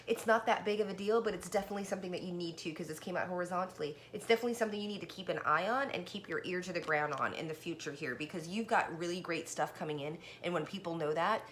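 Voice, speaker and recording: A woman giving a casual tarot reading, chatty and excited, talking straight to the viewer and a little out of breath. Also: on the low side, quick pace, hardly any pauses, slight background noise. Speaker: tarot card reader.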